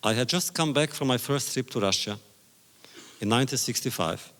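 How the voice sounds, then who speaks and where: An older man giving a public lecture, telling stories in a measured, deliberate way with pauses, as an audience laughs now and then. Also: mid-range voice, a bit bright. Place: large lecture hall. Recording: reverberant hall recording.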